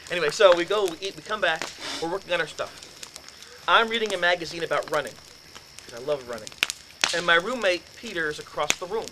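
A man gives a lecture in a room, telling his story with animated energy and acting out each exchange. His voice sits a little high for a man. Steady noise runs under the recording. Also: a little fast.

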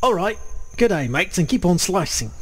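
A man's voice: high voice, very animated, moderate pace, fairly bright tone, husky, exaggerated voice. Man putting on a chirpy fake Aussie bloke. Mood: jokey. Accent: put-on Australian. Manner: jokey, chuckling through lines. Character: cheery fake Australian bloke, adult man. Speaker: caller.

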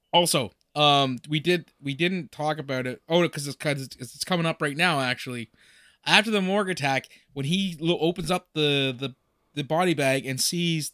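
A man's voice: on the high side, a bit bright, no echo, clean studio sound. A man co-hosting a podcast in casual chat, joking and laughing a lot. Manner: jokey, laughs often, fillers and restarts. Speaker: podcast co-host.

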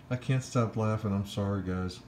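A woman making slow, amused reaction asides over a clip, breaking into laughter. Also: rumbling low, darkish tone, roomy sound, slight background noise. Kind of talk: reaction commentary.

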